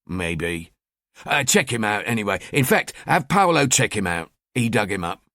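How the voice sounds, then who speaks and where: A man's voice: very animated, moderate pace, sharp tone, no echo, clean studio sound. A man voicing a brooding, terse male detective inspector in an audiobook. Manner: terse, low-key.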